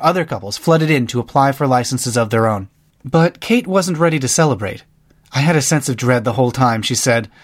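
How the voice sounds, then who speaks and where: A man narrating a nonfiction book, lifting his voice for quoted speakers. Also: medium pitch. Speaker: audiobook narrator. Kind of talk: scripted narration.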